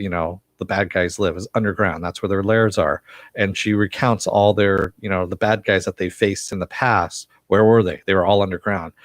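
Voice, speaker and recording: A man with a fairly low voice talks through a TV episode in a loose, rambling way, full of "uh" and "you know" and stray chuckles. The sound is dry and close, with no room echo. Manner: rambling, many fillers and chuckles. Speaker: TV episode reviewer. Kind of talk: casual live recap.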